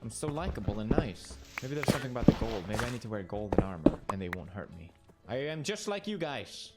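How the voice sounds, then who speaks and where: Young man, gameplay commentary, lively swinging pitch, jokey and playful, loud game music behind. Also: a little fast. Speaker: streamer.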